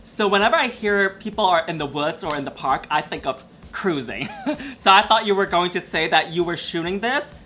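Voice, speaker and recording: New male host, playful, drawn-out delivery, video call, soft music underneath. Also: high voice, lively intonation. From New York. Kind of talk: casual chat reviewing looks.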